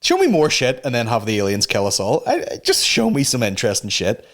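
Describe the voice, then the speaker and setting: A man's voice: medium pitch, wildly swooping pitch, brisk, fairly bright tone. A man hosting a comedy podcast, ranting casually with lots of swearing and rambling asides. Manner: sweary, rambling, slips into mock voices. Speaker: podcast host.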